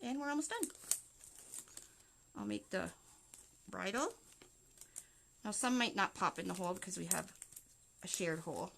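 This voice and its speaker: A woman's voice: on the low side, big pitch swings, normal speed, gravelly, long pauses, a bit bright, a little hiss or hum. A Canadian woman chatting casually with live viewers as she walks through a wreath craft step by step. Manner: chatty, talks to viewers while working. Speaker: wreath-making livestream host.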